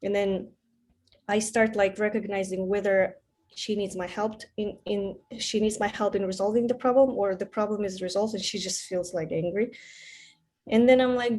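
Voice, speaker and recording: Woman participant, mother, candid animated storyteller, dark mellow tone. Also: mid-range voice, normal speed. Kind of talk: casual chat.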